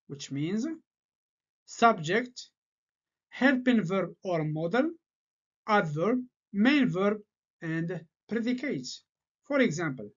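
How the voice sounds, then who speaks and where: A man whose first language is French teaches an English grammar lesson at an unhurried, careful pace. His pitch rises and falls in a lively way as he explains. The recording sounds a little dull and lo-fi. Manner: slow, deliberate explaining with repeated patterns.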